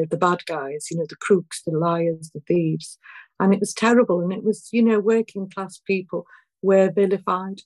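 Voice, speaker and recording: An older woman from Liverpool with a Scouse accent, an activist answering an interview in a heartfelt, halting way and fighting back tears. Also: fairly low pitch, a little mellow, no room sound, rough recording. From Liverpool, England. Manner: heartfelt, halting, many restarts. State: near tears. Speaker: activist guest.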